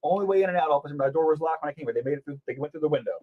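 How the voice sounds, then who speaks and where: A man in casual podcast chat, talking fast and joking as he goes. His slightly high voice rises and falls a great deal. The recording sounds dull and muffled. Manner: fast, lively and joking, with many restarts.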